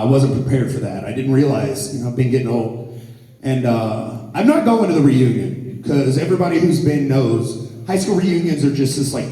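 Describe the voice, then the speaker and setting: A man's voice: mid-range voice, mellow. A man, doing a crude, brash live stand-up set. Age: 40s. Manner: brash, crude storytelling to a crowd. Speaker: stand-up comedian. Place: theater stage. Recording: echoey hall from far off.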